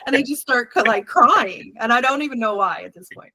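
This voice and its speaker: A woman tells a personal story as an interview guest, her voice a little high and her delivery animated. She laughs often and acts out the voices of people in the story. The sound is dry and close. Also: moderate pace, few pauses, no room sound.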